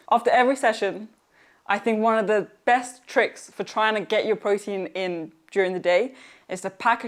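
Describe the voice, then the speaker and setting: A young woman fitness vlogger chats through her home workout, upbeat and encouraging. She teases herself lightly and talks to her viewers like friends. Part of the session is recorded outdoors. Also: mid-range voice. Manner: chatty, upbeat, encouraging, self-teasing. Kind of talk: casual motivational workout vlog.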